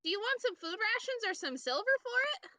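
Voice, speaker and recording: A woman's voice: very high-pitched, very animated, fairly quick, pushed and bright, no room sound. A woman player in a tabletop game, eager and playful in character. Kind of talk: tabletop role-play chat.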